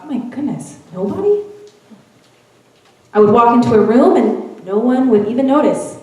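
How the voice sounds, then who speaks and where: A fairly high-voiced woman reads a story aloud with expressive storytelling. She is heard from a distance in a very echoey church hall. She reads to a gathering. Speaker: reader at a church Mother's Day event. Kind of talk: reading a narrative aloud. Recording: very echoey room, from far off.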